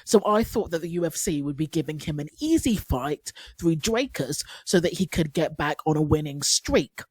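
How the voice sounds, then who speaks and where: A woman's voice: low-pitched, moderate pace, darkish tone, slightly rough, dry recording. A woman giving casual commentary as a YouTube commentator, chatty with sarcastic asides.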